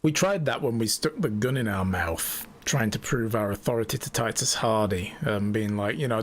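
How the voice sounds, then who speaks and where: A man's voice: lowish voice, moderate pace, few pauses. A man streaming a video game, joking around and reading its lines aloud. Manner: animated, jokey, reads game lines aloud. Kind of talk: let's-play commentary.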